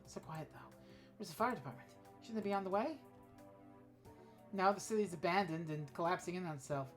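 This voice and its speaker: A woman streamer reading a text adventure game aloud, with offhand asides and swearing. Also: low-pitched.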